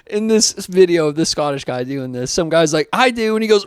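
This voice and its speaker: A man tells a story in a lively, animated way, his pitch jumping up and down as he laughs and swears. His voice sits fairly high for a man. It is recorded close and dry, with no room sound. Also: a little fast, clean tone, no echo. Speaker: podcast co-host, bar owner. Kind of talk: casual chat.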